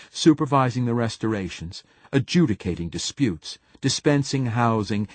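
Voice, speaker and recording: A man reading a novel aloud as an audiobook narrator, in a measured, even storytelling manner. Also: fairly low pitch, husky, dry recording. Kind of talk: scripted narration.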